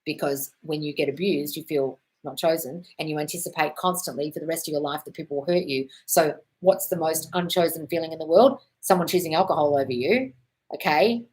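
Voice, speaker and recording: A woman hosts a live question-and-answer stream, giving advice in a slightly low voice. She talks frankly and directly, with plenty of swearing. She calls her viewers darling. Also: brisk, a little mellow, poor audio.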